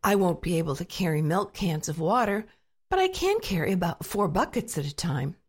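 A woman's voice: lowish voice, sing-song, moderate pace, breathy edge. A woman voicing a nine-year-old farm boy who grumbles and yelps in complaint. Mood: grumbling.

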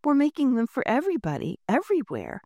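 A woman's voice: high voice, huge pitch swings, fast, mellow, dry recording, pitched above the performer's own voice, exaggerated voice. A woman doing a cheerful, proud baker machine. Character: cheerful male furnace-turned-baker machine.

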